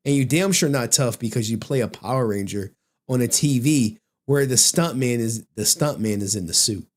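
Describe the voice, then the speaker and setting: A man's voice: medium pitch, animated, normal speed. A man with a mid-range voice hosts a reaction commentary, reading a document aloud line by line. He keeps stopping to mock it, exasperated and sarcastic, swearing and laughing at the wording. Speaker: commentary channel host.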